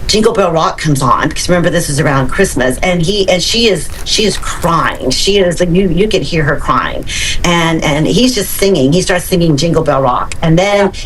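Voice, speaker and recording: A woman speaking in a low voice as a documentary interviewee. She recounts events haltingly, restarting her sentences often, with faint background noise behind her. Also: expressive, poor audio. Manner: halting, full of fillers and restarts. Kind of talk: casual recounting.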